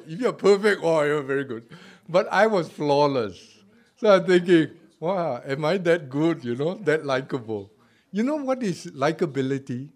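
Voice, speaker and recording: A man preaching a sermon in a conversational way, often asking "all right?" and laughing at himself, swinging between loud emphatic lines and soft trailing asides. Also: a little high. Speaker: pastor.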